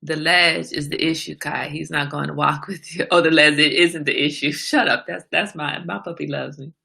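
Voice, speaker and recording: A woman hosts a casual livestream in an emphatic, preachy monologue. Her voice sits a little low yet sounds bright. She drives her points home with repeated rhetorical questions. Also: fairly even intonation, normal speed, gravelly. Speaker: livestream host.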